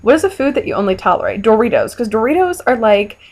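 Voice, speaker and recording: A woman's voice: on the high side, sing-song, fast, darkish tone. A young woman vlogger answering viewer questions in a casual, frank and playful chat, with lots of fillers. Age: young adult.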